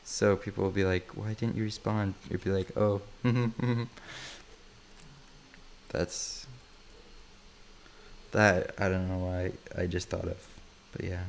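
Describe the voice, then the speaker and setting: Low voiced dude streaming his workbench build, chatty and self mocking, chuckles a lot. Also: level tone, slow, gravelly, pauses often, slight background noise. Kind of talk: casual livestream chat while working.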